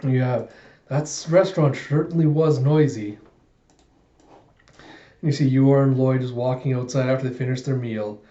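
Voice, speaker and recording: A man's voice: medium pitch, moderate pace, pauses often, warm tone. A man casually recapping a manga chapter in a chatty way, retelling scenes line by line, recorded in an echoey room with dull sound. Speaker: manga reviewer.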